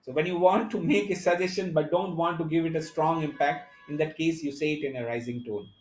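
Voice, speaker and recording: A man giving an online conference lecture, explaining step by step and often pausing on fillers and restarts. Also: on the high side, fairly even intonation. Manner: halting, many fillers and restarts; explanatory, addresses the audience directly. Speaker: conference speaker. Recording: echoey lo-fi online talk audio.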